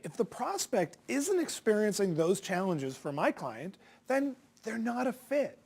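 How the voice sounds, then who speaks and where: Male sales coach, punchy, challenging, lively swooping pitch, rhetorical questions. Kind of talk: direct-to-camera sales lesson.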